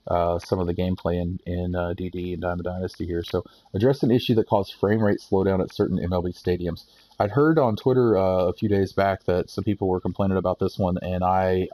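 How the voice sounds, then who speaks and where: A man's voice: low voice, mellow, low-quality recording. A man casually reading out game update notes and giving his take, rambling with lots of fillers and restarts. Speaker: gaming YouTuber.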